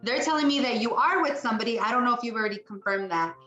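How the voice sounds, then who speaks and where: A woman's voice: on the high side, racing, muffled recording, music in the background. A woman giving a psychic mediumship reading, talking in a chatty, rambling way and acting out what the spirits say. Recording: echoey room.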